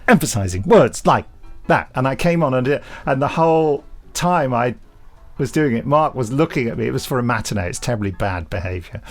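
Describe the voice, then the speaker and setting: Animated podcast co-host with gravelly voice. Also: male voice, mid-range voice, a little fast, soft background music. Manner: animated, enthusiastic storyteller. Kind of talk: casual chat.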